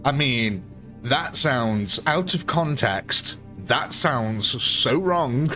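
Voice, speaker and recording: A man's voice: medium pitch, animated, extremely slow, bright, forceful tone, faint music behind. A young man with a northern English accent, chatting on a live stream, answering viewers by name and laughing often. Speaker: game streamer. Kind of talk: live-stream chat and commentary.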